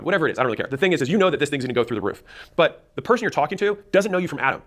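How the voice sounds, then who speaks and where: A man's voice: on the high side, big pitch swings, fairly bright tone. A man coaching salespeople, giving confident, instructive advice in a teaching talk. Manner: rapid, confident, instructive delivery. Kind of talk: fast-paced teaching talk.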